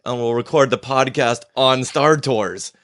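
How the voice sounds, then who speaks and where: A man co-hosting a casual fan podcast, bantering in an excitable, playful way. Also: mid-range voice, measured pace, no room sound, clean studio sound. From United States. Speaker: podcast co-host.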